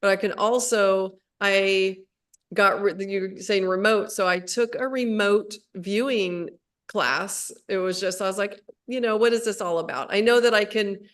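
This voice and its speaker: A woman's voice: mid-range voice, steady tone, a little slow. Rambling woman hosting a spiritual chat. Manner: rambling, with many restarts and fillers. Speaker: host of a spiritual livestream. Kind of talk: casual conversation. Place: at home, on a live video stream.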